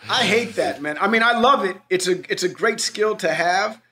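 A man chatting casually about the acting world, telling his stories with plenty of swearing and quoted dialogue. His voice sits a little on the high side. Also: normal speed, bright, forceful tone. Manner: loose, profane anecdotes with quoted dialogue. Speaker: actor, podcast guest. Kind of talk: casual storytelling chat.

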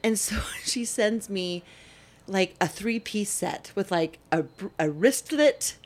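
Animated mom telling a story, laughing. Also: female voice, medium pitch, slow pace. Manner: animated storyteller, laughing, acting out her kids' voices. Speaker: podcast co-host. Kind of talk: casual chat.

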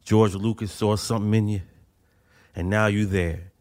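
A man's voice: on the low side, steady tone, moderate pace, a little mellow. A man with a New York accent co-hosting a podcast, talking bluntly in slang with lots of profanity. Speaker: podcast co-host. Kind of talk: casual podcast chat.

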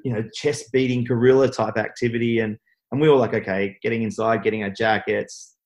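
A man's voice: medium pitch, steady tone, brisk, darkish tone, poor audio. A man, a podcast guest telling a personal story in a rambling way with many restarts. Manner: rambling, full of restarts and fillers. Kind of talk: interview storytelling.

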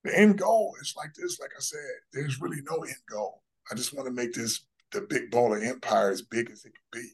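A man in his fifties talks in a brash, boastful way as a podcast guest, hammering his points home. His voice sits at an ordinary middle pitch for a man. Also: lively intonation, moderate pace, few pauses, slightly rough. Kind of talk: casual interview talk.

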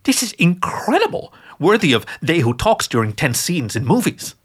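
Man voicing a cheeky young guy, raised bright voice, lively. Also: on the high side, normal speed, breathy edge, pitched above the performer's own voice, exaggerated voice.

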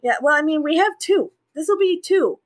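High-voiced, blunt young pregnant woman. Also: fairly quick. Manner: blunt, expressive, swears freely. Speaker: podcast co-host. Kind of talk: casual chat.

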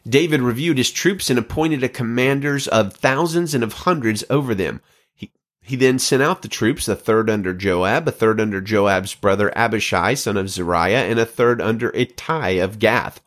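A man hosting a podcast, reading scripture and an old letter aloud in a measured, earnest way with occasional stumbles. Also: fairly low pitch, fairly bright tone. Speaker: podcast host.

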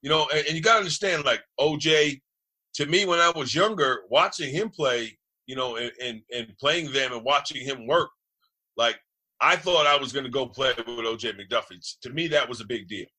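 Boisterous, bright-voiced man from New Jersey. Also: mid-range voice, moderate pace, breathy edge. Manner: boisterous, profane, animated storyteller. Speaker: former quarterback, guest. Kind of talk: casual storytelling chat.

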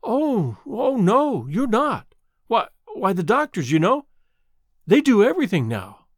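A man voicing a tender, homesick young woman who speaks softly and unsteadily, eager to comfort. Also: medium pitch, sing-song, moderate pace, no room sound, studio quality. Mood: pleading. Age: young adult.

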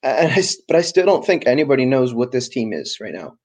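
A man co-hosting a casual soccer podcast. He talks with enthusiasm in long, rambling runs. His pitch sits in the middle for a man. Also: big pitch swings, fast talker, a little mellow. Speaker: podcast co-host.

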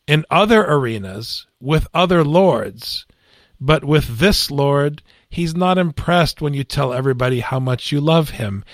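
A male priest explains scripture slowly and with emphasis, stressing each point. His voice sits a little high for a man. The sound is dry and close, with no room around it. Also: dry recording. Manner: deliberate, emphatic teaching. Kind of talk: Bible study discussion.

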